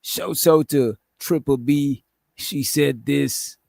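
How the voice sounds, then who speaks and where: A man's voice: fairly high pitch, slow, vocal fry, darkish tone, no echo. A man casually commenting and joking in slang while reacting to a video. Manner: laid-back, joking slang.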